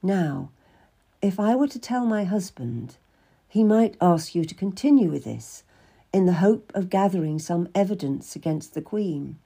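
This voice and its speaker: A composed noble lady speaks in a measured, commanding way, as a woman reads her part. The voice is dark and mellow, with a gravelly, husky edge. It reads like a storybook character, steady and reassuring. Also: lowish voice, heavily acted. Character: calm, firm noblewoman giving steady counsel.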